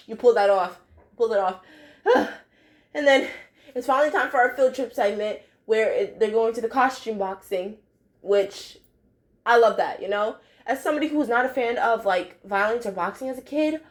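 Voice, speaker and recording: A woman's voice: on the high side, animated, moderate pace. A young woman chatting casually in a review vlog, full of fillers and phrases she repeats. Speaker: cartoon episode reviewer.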